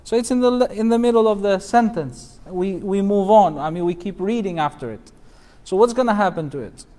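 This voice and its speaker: Man, imam, recitation teacher, high voice, clear and ringing, patient, chants verses. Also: fairly quick, warm tone. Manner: patient, repeats examples and quizzes students; breaks into melodic recitation. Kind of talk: classroom teaching.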